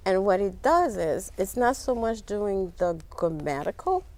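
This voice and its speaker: A woman's voice: medium pitch, big pitch swings, measured pace, a little mellow. A woman with a New York accent, speaking as a nurse educator in a panel discussion, chatty and emphatic, repeating herself for stress.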